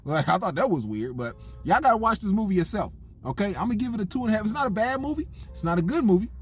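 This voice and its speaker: A man giving a comedic, incredulous movie review in a joking, animated way. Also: sits high, fast, slightly rough, faint music behind.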